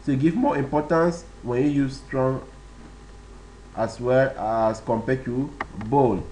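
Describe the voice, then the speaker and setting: A warm, medium-pitched male voice with a steady tone explains web page basics in a screen-recorded lesson. The low-quality recording carries slight background noise, and his delivery is slow and stepwise, full of fillers and repeated phrases.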